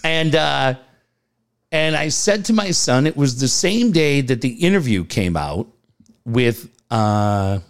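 Lively middle-aged man telling stories. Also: medium pitch, takes it slowly, vocal fry, smooth. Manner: animated storyteller acting out dialogue, swears freely. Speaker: podcast co-host. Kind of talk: casual chat.

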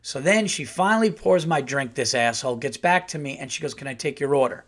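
A middle-aged male comedian hosting a podcast, telling an exasperated story in a casual, animated way and acting out the quotes. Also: medium pitch, a little fast. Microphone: podcast studio mic.

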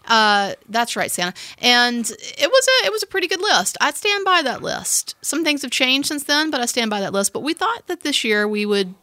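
A woman's voice: a little high, sing-song, moderate pace, few pauses, bright, forceful tone, no echo. Brash woman co-hosting a podcast. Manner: brash, emphatic, laughs a lot. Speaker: podcast co-host. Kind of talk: casual podcast banter.

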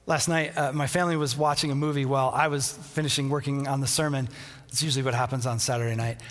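A man preaching a sermon as pastor, earnest, repeating a refrain and dropping to a soft near-whisper. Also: medium pitch, fairly even intonation, fast. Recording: long reverb in a large hall.

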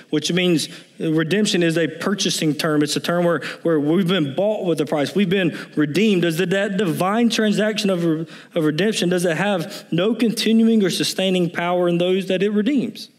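A pastor preaching a sermon, explaining scripture verse by verse and driving his points home with emphatic repetition. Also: a little high. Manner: emphatic, building to animated repetition.

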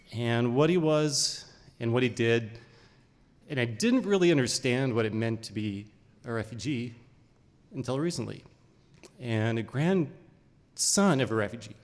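Man telling a story in a reverberant hall. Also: mid-range voice. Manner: conversational, unhurried, with short phrases and pauses. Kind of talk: live personal storytelling. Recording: long reverb of a large hall.

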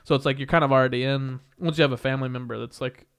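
A man's voice: medium pitch, steady tone, rapid-fire, clear, resonant tone. A young man hosting a podcast, chatting casually with a guest in a rambling, jokey way. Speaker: podcast host. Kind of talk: casual chat.

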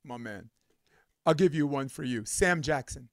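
A man hosting a podcast in casual chat, playful and quick to laugh. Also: medium pitch. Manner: laughs often, playful and lively. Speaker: podcast host.

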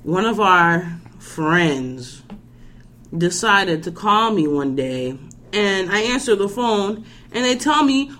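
A woman's voice: mid-range voice, sing-song, a little slow, a bit bright. A woman hosts a casual podcast with a mid-range voice. She talks bluntly and swears freely as she airs her grievances. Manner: blunt, profane, ranting. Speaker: podcast host.

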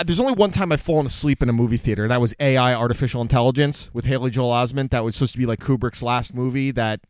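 Man, podcast co-host, casual chat, jokey, swears, middle pitch, dry recording. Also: racing, clean tone, dry recording. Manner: joking, swears freely, asks interview questions.

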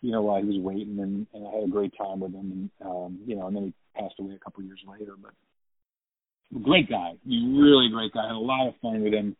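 A man, an actor, telling lively anecdotes and laughing often in a phone interview. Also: lowish voice, a little fast, vocal fry, husky, no room sound. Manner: chatty storyteller, laughs often. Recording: tinny dry phone line.

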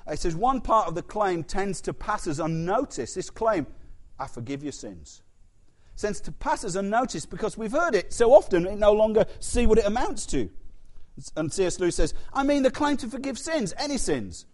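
A man delivers a sermon, his voice sitting high for a man. He preaches in a lively, conversational way, breaking off to ask the congregation questions and trade asides. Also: normal speed.

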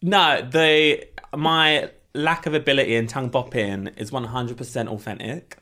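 A man's voice: medium pitch, fairly even intonation, moderate pace, bright, forceful tone. A man co-hosting a podcast, joking and teasing in casual chat. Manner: teasing, self-mocking banter. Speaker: podcast co-host.

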